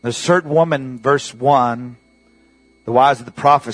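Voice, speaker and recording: Husky-voiced man preaching a sermon. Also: medium pitch, normal speed, no echo, faint music behind. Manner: call-and-response preaching, swinging from loud bursts to hushed asides. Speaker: pastor. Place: church.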